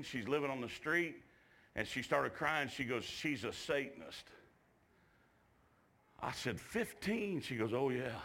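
A man preaching a revival sermon in a church, drawling folksy asides and shouting at the climaxes. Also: mid-range voice.

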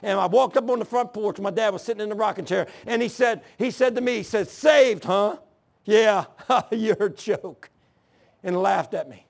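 High, gravelly older man preaching. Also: fast talker, few pauses. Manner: folksy, earnest storytelling with rough grammar. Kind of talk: sermon with personal testimony. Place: church.

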